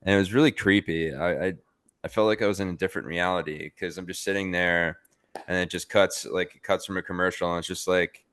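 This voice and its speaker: A man's voice: low voice, fairly even intonation, brisk, a bit bright, smooth, no echo. A man co-hosting a podcast in casual chat, rambling with lots of "like" and some swearing. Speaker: podcast co-host.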